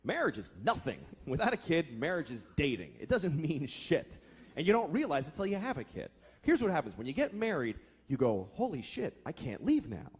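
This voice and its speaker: A man's voice: fairly high pitch, sing-song, a little fast, breathy edge. A man in his thirties doing a profane, exasperated stand-up routine, acting out voices. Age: 30s. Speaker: stand-up comedian. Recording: noisy live club recording.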